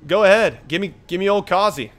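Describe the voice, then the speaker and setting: A man's voice: high voice, a little fast, a bit bright, faint music behind. A young man giving rambling, casual commentary over his own card-game play, swearing freely and jumping between topics. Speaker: gaming video creator.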